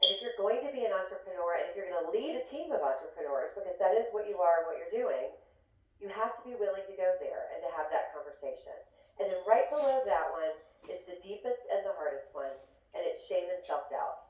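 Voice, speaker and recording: A woman giving a motivational talk to a live audience as a business coach, animated and acting out dialogue, often asking "right?". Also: on the low side, fairly quick, lo-fi sound. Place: large hall with an audience. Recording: echoey hall, voice from far off.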